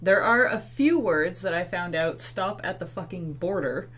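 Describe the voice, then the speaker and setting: Low-voiced Canadian woman chatting casually. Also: normal speed, breathy edge. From Pacific Northwest of Canada. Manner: relaxed, chatty storyteller with casual swearing. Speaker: co-host of an art stream. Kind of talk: casual chat while drawing.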